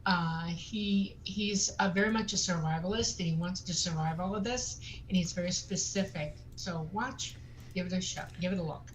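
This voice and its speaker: A woman, a guest on a talk show, giving emphatic advice and filling pauses with um and uh. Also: fairly low pitch, a little hiss or hum, poor audio. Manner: emphatic advice with many um fillers.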